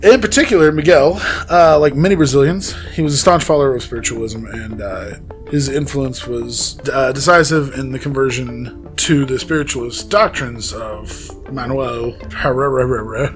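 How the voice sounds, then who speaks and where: A man's voice: medium pitch, normal speed, soft background music. A man co-hosting a podcast, casually retelling a case with fillers and laughs. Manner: conversational storytelling with fillers and laughs. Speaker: podcast co-host. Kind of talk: casual chat.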